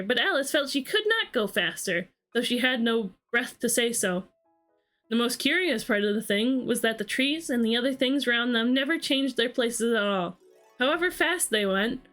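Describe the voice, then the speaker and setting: A woman streamer narrating a storybook aloud in a steady, storytelling manner, with small restarts. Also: a little high. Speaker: streamer reading a book aloud.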